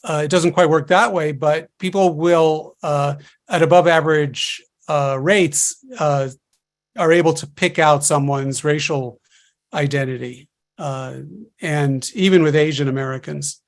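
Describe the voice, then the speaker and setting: A man speaking as a linguist guest on a webinar panel, explaining in a hesitant, halting way over a video call. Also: a little high, fairly even intonation.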